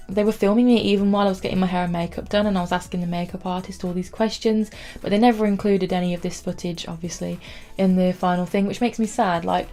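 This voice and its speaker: A woman's voice: on the low side, warm tone. Brief: young woman, chatty and rambling vlog storytelling, faint music underneath. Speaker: vlogger. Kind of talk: casual storytelling to camera.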